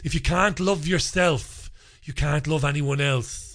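A man's voice: on the high side, measured pace, a bit bright. A man hosting a talk radio show, rambling through listener messages in a sarcastic, mocking monologue.

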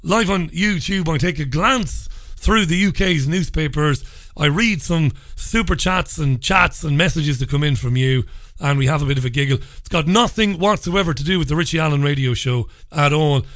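A man's voice: fairly high pitch, a bit bright, no echo, clean studio sound. A man hosting a live radio talk show in a chatty, upbeat way with rambling asides. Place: radio studio.

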